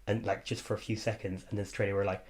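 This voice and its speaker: A man co-hosting a podcast in casual chat, gossipy and quick to laugh. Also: lowish voice, flat delivery, darkish tone. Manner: chatty, gossipy, laughs often. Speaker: podcast co-host.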